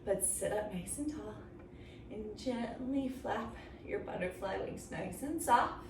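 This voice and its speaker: A woman teaching a yoga story lesson to children, playful and coaxing, making silly animal and train sounds between gentle instructions. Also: mid-range voice, expressive, takes it slowly. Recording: roomy, far from the mic, faint hiss.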